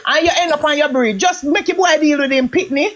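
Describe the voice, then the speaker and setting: A Jamaican woman chatting in patois, telling a story with lively, emphatic commentary. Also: high voice, brisk. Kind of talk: heated gossip chat in patois.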